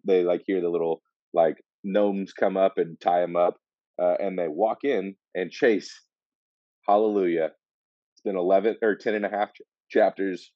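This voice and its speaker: A man's voice: low-pitched, no room sound, muffled recording. A man co-hosting a casual book discussion, rambling and acting out characters in funny voices. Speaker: podcast co-host.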